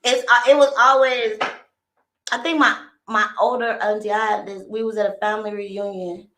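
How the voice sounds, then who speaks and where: A woman co-host telling a story with lots of laughter, trailing off softly. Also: mid-range voice, steady tone, normal speed, reverberant. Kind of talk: casual storytelling.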